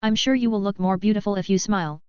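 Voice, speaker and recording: A woman reading the lines of a calm, mature young male mage in an even, unhurried way. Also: medium pitch, clear, resonant tone, dry recording, natural voice. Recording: dull, lo-fi, dry sound.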